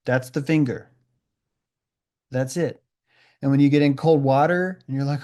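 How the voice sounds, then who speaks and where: A man's voice: mid-range voice, unhurried, long pauses, a little mellow. A man in a casual group discussion, talking intensely with lots of swearing and acting out quoted voices. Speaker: discussion participant.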